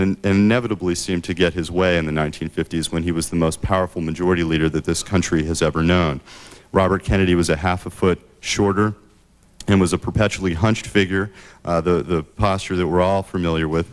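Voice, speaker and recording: Male speaker, very deep voice, measured lecture delivery with frequent fillers. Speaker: author giving a book talk. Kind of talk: prepared lecture.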